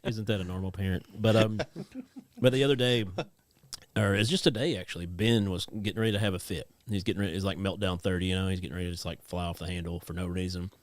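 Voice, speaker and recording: A man's voice: deep voice, fairly even intonation, fast, dry recording. A man in his thirties, a podcast co-host, telling rambling stories about his kids in casual chat. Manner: rambling storyteller, acts out his kids' voices.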